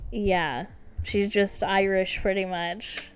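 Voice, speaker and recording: A woman's voice: mid-range voice, steady tone, takes it slowly. A woman co-hosting a podcast in casual chat, talking with lots of "like" fillers and laughing often. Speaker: podcast co-host.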